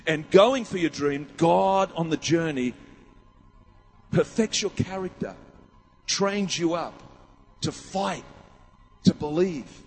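A man's voice: on the high side, slow, long pauses, slightly rough, soft background music. A man preaching a sermon, emphatic and rousing, with many rhetorical questions. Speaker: pastor. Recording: long hall reverb.

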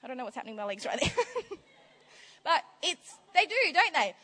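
A woman preaching a sermon in an animated, bubbly way, laughing often and acting out little quoted voices. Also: high-pitched, a little fast. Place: large hall with long reverb. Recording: reverberant hall recording.

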